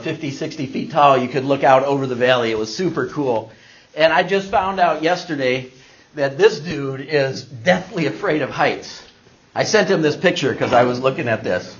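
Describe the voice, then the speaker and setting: A middle-aged man giving a talk, telling a personal story to an audience and acting out the people he quotes. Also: fairly high pitch. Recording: dull lo-fi recording.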